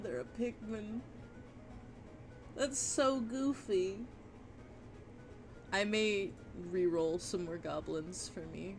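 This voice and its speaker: A woman chatting casually on a livestream while she draws, gushing and giggling, with bursts of excitement and casual swearing. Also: medium pitch, takes it slowly, pauses often, soft background music. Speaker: art streamer.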